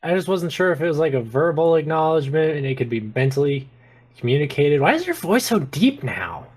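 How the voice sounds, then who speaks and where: A player in a tabletop role-playing game, talking in lively, joking banter. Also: medium pitch, brisk.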